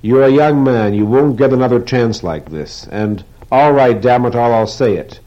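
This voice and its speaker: A man's voice: mid-range voice, normal speed, mellow, voice pushed up, natural voice. A man voicing an exasperated middle-aged male board member who pleads urgently in a raised voice. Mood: pleading. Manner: urgent, imploring, rising voice. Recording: dull lo-fi recording.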